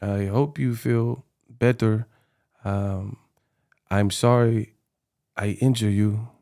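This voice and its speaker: A man doing a mock impression of a foreign male boxer who apologizes slowly in broken phrases. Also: on the low side, fairly even intonation, creaky, mellow, voice pushed down. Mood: deadpan apology. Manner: slow, hesitant, broken phrasing with long ums.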